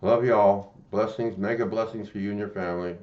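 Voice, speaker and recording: A man's voice: lowish voice, steady tone, a little fast, dull audio. A man hosting a Christian channel, giving an earnest, emphatic spiritual talk in an informal way.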